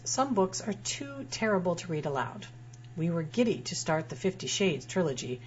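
A woman writer reading her own personal essay aloud in a wry, dryly humorous way. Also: deep voice. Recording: dull lo-fi sound with faint hum.

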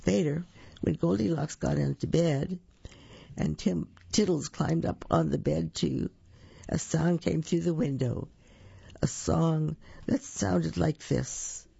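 Storybook reader, very slow and gravelly, dull lo-fi dry recording. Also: medium pitch, warm tone, no echo. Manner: slow, drawn-out storytelling with sound effects. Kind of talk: reading a children's picture book aloud.

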